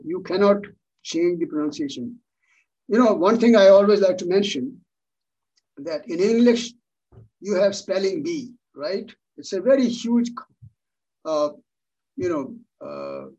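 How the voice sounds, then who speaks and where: A man's voice: high voice, darkish tone, husky, far from the mic, dull audio. A man teaching yoga philosophy in an online class, patient and repeating words for emphasis, heard over a video call.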